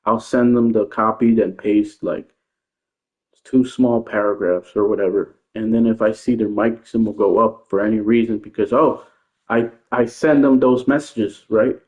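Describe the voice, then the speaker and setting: A man's voice: fairly low pitch, fairly even intonation, moderate pace, darkish tone. A man ranting casually about online opponents as a gaming streamer, rambling, defensive and repeating himself. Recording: tinny phone-like sound in an echoey room.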